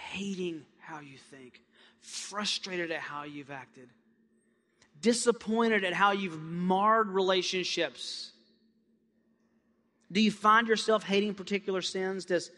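Guy pastor preaching, high bright voice, goes quiet then loud, big echoey hall. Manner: impassioned preaching, swings from hushed to loud. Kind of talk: sermon. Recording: long hall reverb.

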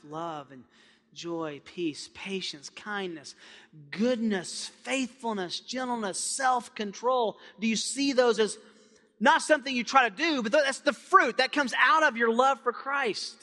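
A male pastor preaching a sermon with passion, dropping to hushed tones and then building up loud. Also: high voice, unhurried. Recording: long hall reverb.

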